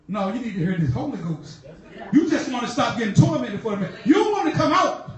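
A woman's voice: fairly high pitch, very animated, fast. A woman preacher delivering a sermon, telling stories in a casual, slangy way and repeating key lines with fervent bursts. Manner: fervent, repetitive, shouting bursts, laughs; conversational slang storytelling. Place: church. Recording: echoey hall from far off.

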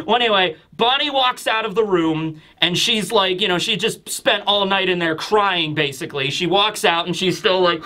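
Bright-voiced man recapping chattily. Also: high-pitched, normal speed, hardly any pauses. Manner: chatty, explanatory, frequent asides. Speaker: manga review YouTuber. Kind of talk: casual commentary.

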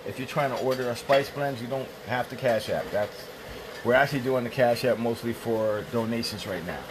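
A man's voice: mid-range voice, brisk, background noise. A man with a Jamaican accent hosting a cooking live stream from a home kitchen, chatting playfully and greeting viewers by name. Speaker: livestream host. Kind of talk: casual live-stream chat reading viewer comments.

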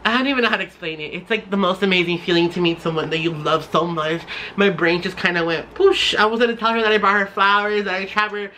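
This is a young man from the San Francisco Bay Area recounting a story for his vlog in an easygoing, chatty way. His voice is bright and forward. He gushes with excitement and leans on "like" over and over. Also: high-pitched, fast, a little hiss or hum. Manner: gushing and excitable, heavy use of "like" fillers. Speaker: vlogger.

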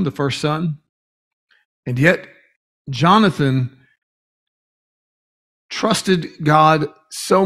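Male pastor, earnest sermon delivery, slow emphasis on key words, average pitch. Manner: earnest, with stretched emphatic words and brief restarts. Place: church sanctuary.

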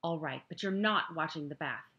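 A woman reading an audiobook, voicing a stubborn street girl who argues loudly and indignantly. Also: low-pitched, normal speed, highs cut off. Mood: defiant. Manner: indignant, raised voice.

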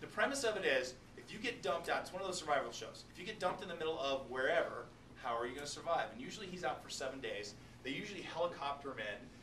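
An animated male teacher jokes with his class while lecturing. His voice sits a little high and is picked up from a distance. The classroom echoes, and steady noise hums under it. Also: quick pace, few pauses. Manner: animated, joking, talks straight to students. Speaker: biology teacher.

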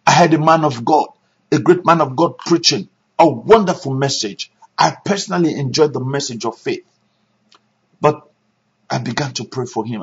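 A male pastor preaching a sermon, animated, with sudden shouts and hushed asides. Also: mid-range voice, normal speed, slightly rough, muffled recording.

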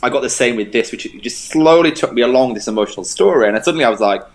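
A man's voice: medium pitch, expressive, fast talker, poor audio. A man co-hosting a film review show, talking in an enthusiastic, casual way and repeating words for emphasis. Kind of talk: casual chat.

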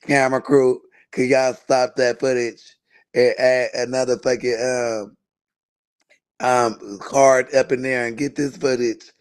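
A man's voice: medium pitch, little pitch movement, unhurried, clean tone. A man hosting a livestream panel, talking brashly and cursing as he calls on people. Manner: brash, directing the panel with crude slang.

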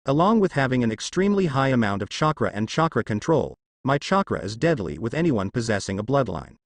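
A man's voice: mid-range voice, very animated, a little fast, dry recording. A man voicing a cocky teenage boy ninja in a fan fiction reading, smug and teasing. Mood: explaining.

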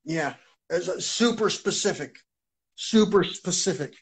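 A man's voice: sits high, lively intonation, unhurried. A man hosting a live stream, telling a long story in an agitated, profane ramble and repeating himself.

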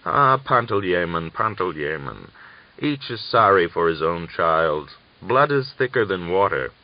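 A man voicing an aging peasant father, anguished and hot-tempered, pleading and rising to shouts, in a dull lo-fi recording. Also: low-pitched, sing-song, unhurried, exaggerated voice. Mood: distressed.

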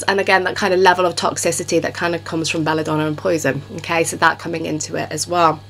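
A woman's voice: mid-range voice, a bit bright. A woman giving a casual tarot reading to camera, chatty and reassuring, often checking in with "okay?". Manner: chatty, reassuring, repeats "okay?" and "you know". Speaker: tarot reader.

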